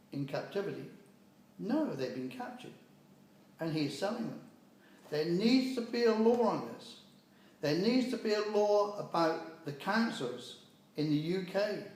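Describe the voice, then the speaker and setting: An older man from the UK delivering a preachy, scolding monologue in blunt, impassioned words. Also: fairly high pitch. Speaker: speaker giving a personal message. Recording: very echoey room.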